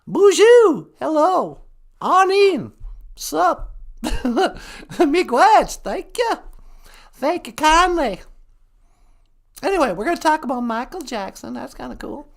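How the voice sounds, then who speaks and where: A woman's voice: high-pitched, very animated. A woman from Minnesota co-hosting a casual live-stream podcast, playful and giggly. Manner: playful and giggly, drawn-out words. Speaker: podcast co-host.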